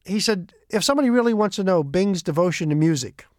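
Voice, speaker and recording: A man retelling anecdotes about someone else's memories, with animated delivery that keeps repeating what people said. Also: high voice, quick pace, dry recording, clean studio sound. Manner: animated, repeats quoted speech. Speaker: storyteller.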